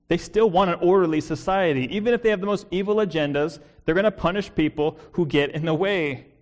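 Preaching an expository sermon, this American pastor is earnest and measured, asking his listeners rhetorical questions. His voice is on the high side.

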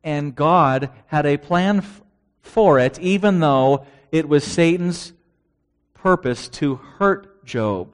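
A male preacher delivering a sermon at an unhurried, deliberate pace. He reads scripture aloud and keeps putting rhetorical questions to his listeners, in a voice set a little high for a man.

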